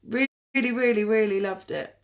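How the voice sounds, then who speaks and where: A woman's voice: a little high, fairly quick. Chatty woman on a live stream. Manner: chatty, rambling, answers viewer comments by name. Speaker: makeup tutorial host. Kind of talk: casual live-stream chat while doing makeup. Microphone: webcam or phone on a live stream.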